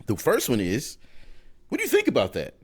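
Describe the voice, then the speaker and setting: A man's voice: mid-range voice, wildly swooping pitch, brisk, slightly rough. A young man co-hosting a casual podcast, teasing his co-host, laughing often and swearing freely. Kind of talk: casual chat.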